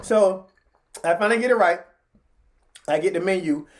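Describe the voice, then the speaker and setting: A woman telling a story in a casual vlog, chatty and slangy, talking straight to her viewers. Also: normal speed. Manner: animated, jumps into high pitch when acting out what people said.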